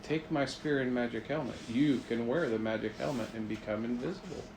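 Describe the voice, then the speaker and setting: Man playing a reassuring young hero. Low, gravelly, roomy room. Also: a little fast, background noise, natural voice.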